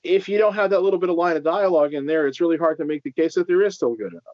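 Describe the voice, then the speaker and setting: A man's voice: a little high, rapid-fire, a little mellow, no room sound. A man co-hosting a casual podcast about films, rambling with many fillers and restarts. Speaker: podcast co-host. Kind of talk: casual film discussion. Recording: slightly dull lo-fi audio.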